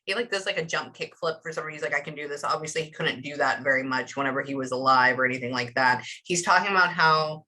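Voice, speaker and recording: A woman's voice: low voice, fast, hardly any pauses, bright, forceful tone. A woman working as a psychic medium, relaying messages in a chatty, emotional reading session full of fillers.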